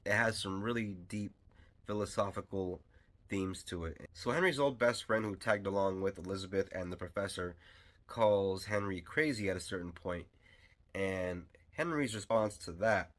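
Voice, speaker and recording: A man with a deep, low voice talks through a film review in an easy, unscripted way. He wanders, restarts and fills pauses, but his fan's enthusiasm keeps coming through. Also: fairly bright tone. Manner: loose and rambling, with many fillers and restarts; enthusiastic fan. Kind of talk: casual spoken film review.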